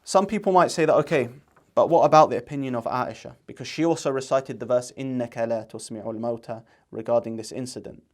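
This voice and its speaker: A man's voice: medium pitch, quick pace, darkish tone. A man presenting religious commentary in an earnest, argumentative way, reading out scripture and reciting Arabic quotations.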